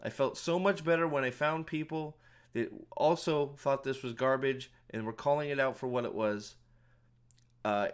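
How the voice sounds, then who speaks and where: Male online commentator, mid pitch, indignant, profane, stammering ranter. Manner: heated and indignant, swears often, stumbles and repeats words. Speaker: YouTube commentator. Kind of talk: angry ranting commentary.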